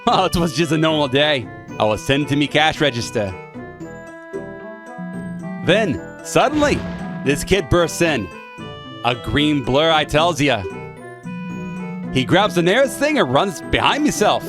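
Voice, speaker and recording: Man putting on a loud bragging shopkeeper. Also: on the high side, very animated, measured pace, pauses often, over music. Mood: indignant. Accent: put-on British. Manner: brash, bragging, "I tells ya". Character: boastful cheap male magic shopkeeper, middle-aged.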